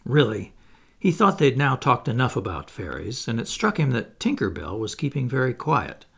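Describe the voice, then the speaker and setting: Male audiobook narrator, expressive children's storytelling, gravelly and husky, lively melody. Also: medium pitch, moderate pace. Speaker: audiobook reader.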